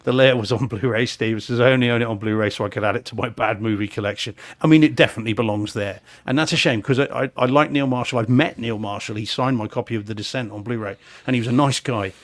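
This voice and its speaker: Man, mid-pitch, co-host on a live podcast, emphatic movie critic who restarts sentences and laughs. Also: quick pace, hardly any pauses. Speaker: podcast co-host reviewing films. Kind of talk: casual live-stream chat.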